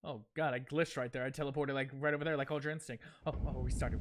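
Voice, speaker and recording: A man's voice: medium pitch, steady tone, fast, background noise. A man live-streaming a game, talking casually and directly to his chat viewers, rambling with many fillers and restarts while game music plays.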